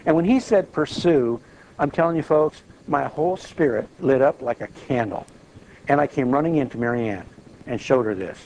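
A man's voice: medium pitch, a little fast, darkish tone, slight background noise, low-quality recording. An older man preaching a sermon, telling the story in a folksy, emphatic way.

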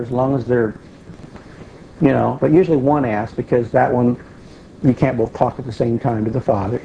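A man's voice: medium pitch, dark tone. A man giving a conversational Bible teaching, explaining patiently and repeating key phrases for emphasis. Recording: dull lo-fi recording with faint hiss.

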